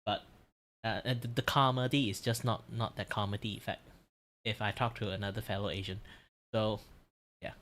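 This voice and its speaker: A man chats casually on a live stream while he draws. His voice is fairly low, and he rambles along in an unhurried, explanatory way. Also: steady tone, fairly bright tone, slight background noise. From Malaysia.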